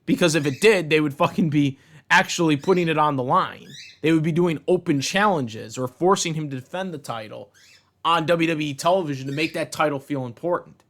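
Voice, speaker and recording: A man's voice: on the high side, brisk, a bit bright. A man ranting angrily about wrestling storylines, heated and profane, repeating himself for emphasis. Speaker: wrestling commentator ranting on his channel. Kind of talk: angry rant.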